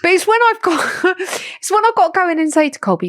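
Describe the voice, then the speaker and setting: A British woman co-hosting a podcast, telling stories in a giggly, animated way. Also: very high voice, fast, dry recording, studio quality. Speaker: podcast co-host. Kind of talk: casual chat.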